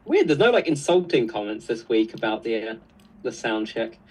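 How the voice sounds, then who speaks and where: A man's voice: mid-range voice, big pitch swings, moderate pace, slightly rough, rough recording. A man co-hosting a live stream, reading viewer comments aloud in a casual, chuckling way. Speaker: co-host reading live chat.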